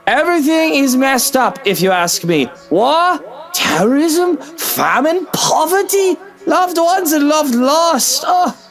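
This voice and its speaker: A man's voice: extremely high pitch, sing-song, takes it slowly, fairly bright tone, faint music behind, pitched above the performer's own voice, heavily acted. A man voicing a drunk, haughty young man who orders others around with scorn. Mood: gloomy.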